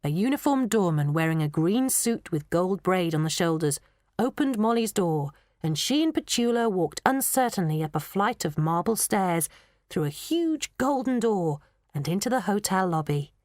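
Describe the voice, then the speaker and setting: Animated woman reading a children's book. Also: on the low side, moderate pace, no room sound, clean studio sound. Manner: expressive storytelling. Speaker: audiobook narrator. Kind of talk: scripted narration.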